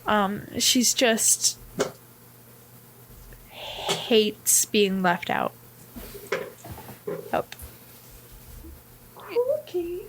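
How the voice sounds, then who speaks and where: A woman's voice: mid-range voice, very slow, long pauses, background noise. A woman co-hosting a podcast in casual discussion, giggly and meandering in how she talks. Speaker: podcast co-host.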